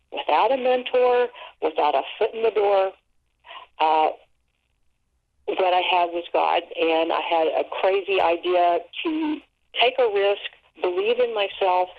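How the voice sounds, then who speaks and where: A middle-aged woman, a guest author on a radio interview, giving an earnest testimony of faith. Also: mid-range voice. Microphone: telephone. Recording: tinny phone line.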